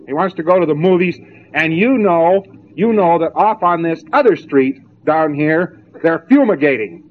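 A man's voice: fairly high pitch, animated, moderate pace, a little hiss or hum. A man giving a spoken lecture, mocking and sarcastic as he tells stories to make his point. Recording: tinny narrow-band old tape.

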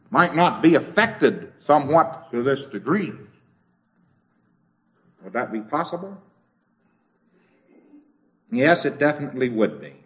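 A man giving an informal lecture in a wry, conversational way, often repeating phrases as he thinks aloud. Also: on the high side. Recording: dull lo-fi recording.

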